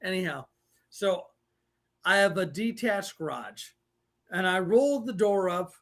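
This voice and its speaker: A man with a notably high voice trades crude jokes with his co-host on a live show. He laughs between his lines and keeps the banter casual. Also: expressive, a little slow. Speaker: podcast co-host.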